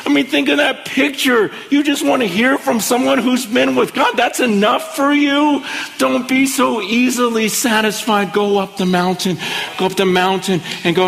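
A man preaching a sermon in an excitable, conversational storytelling way. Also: high voice, measured pace, creaky, long reverb tail, slight background noise. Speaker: pastor.

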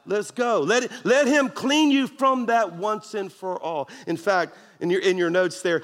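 A man's voice: sits high, unhurried, fairly bright tone. A man preaching a sermon as pastor, emphatic and calling out to the congregation for responses. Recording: long hall reverb.

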